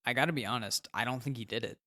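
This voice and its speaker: A man narrating a first-person novel in a plain, conversational manner. His voice sits at a middling pitch and stays even. An audiobook reading. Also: racing.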